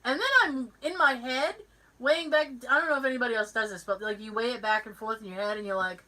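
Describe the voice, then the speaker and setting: A woman's voice: on the high side, fast, poor audio. A woman hosting a podcast, chatting casually and acting out the voices of people in her stories. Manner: animated storyteller who acts out every voice in her anecdotes. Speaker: podcast host. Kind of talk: casual chat.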